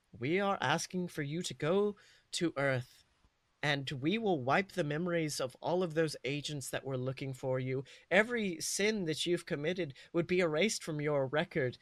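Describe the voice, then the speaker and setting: A composed alien envoy lays out terms in slow, formal, deliberate phrases, as a man voices it. The voice is bright and forceful, with a dry, close sound. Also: a little high, no room sound. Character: calm, measured alien envoy.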